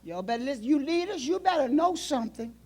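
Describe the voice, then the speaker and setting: A woman pastor preaching a sermon in a church, swinging between loud emotional outbursts and hushed, low passages. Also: lively intonation, fast talker.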